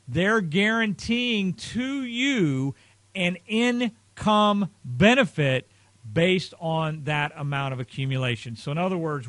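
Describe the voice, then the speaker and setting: A man with a somewhat high voice explains a financial topic to his viewers, leaning hard on key points. His talk is earnest and loose, sprinkled with uh and you know. The sound is dry and close, with no room echo. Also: fairly bright tone. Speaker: financial advisor presenting a video series.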